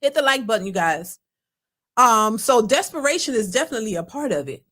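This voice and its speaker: A woman hosting a reaction video, giving casual commentary in a colloquial, animated way and often repeating herself. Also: on the high side, brisk.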